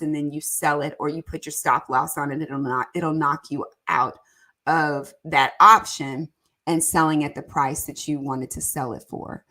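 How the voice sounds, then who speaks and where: A woman on a relaxed live stream, talking money with her viewers in a chatty, warm way. Her voice sits fairly low, but it has a bright, forceful edge. She leans on fillers and makes sudden leaps upward in pitch when she gets excited. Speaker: personal finance livestream host. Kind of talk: casual live-stream chat, reading viewer comments aloud.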